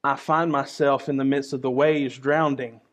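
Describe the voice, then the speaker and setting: A man's voice: mid-range voice, flat delivery, normal speed. A man preaching a sermon in an earnest, conversational way, often repeating his key phrases.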